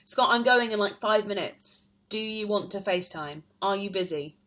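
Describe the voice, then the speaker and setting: A woman's voice: medium pitch, moderate pace, a bit bright. Chatty young Englishwoman on a live stream. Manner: chatty, laughs often, reads questions aloud. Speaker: stage performer live-streaming to fans. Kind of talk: casual live-stream chat answering comments.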